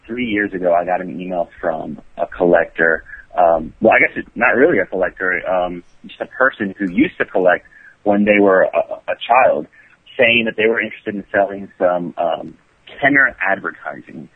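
A man's voice: sits low, moderate pace, slightly rough, no echo. A male collector calling in as a podcast guest, speaking hesitantly with many fillers. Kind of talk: phone interview. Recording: dry tinny phone line.

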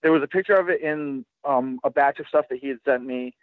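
A man, a guest collector, chatting casually on a podcast in a halting way, full of restarts and fillers. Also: medium pitch, dry recording. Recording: tinny, dry phone line.

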